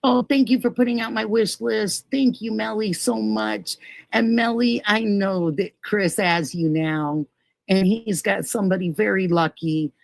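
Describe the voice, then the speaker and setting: A woman's voice: medium pitch, unhurried, gravelly, no echo, poor audio. A middle-aged woman hosting a casual livestream, reading viewer comments aloud and gushing thanks to each person by name. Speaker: livestream host.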